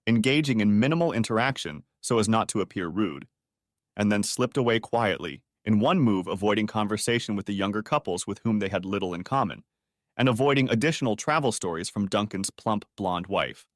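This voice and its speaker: A man narrating a story audiobook in a steady, even storytelling manner. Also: on the low side, a little fast, no echo, studio quality.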